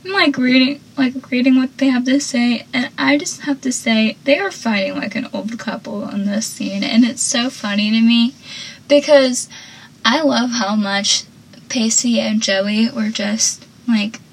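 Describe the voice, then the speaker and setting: A young woman talks through a TV scene in casual fan commentary, rambling happily with plenty of "like". Her voice sits on the higher side and has a soft, breathy edge. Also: a little slow. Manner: chatty, gushing, heavy use of "like".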